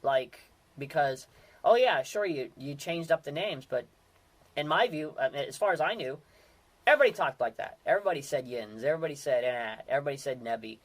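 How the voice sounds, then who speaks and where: A man's voice: a little high, lively intonation, fairly quick. A man, hosting a casual solo talk and rambling with many fillers and restarts. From Western Pennsylvania. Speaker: podcast host.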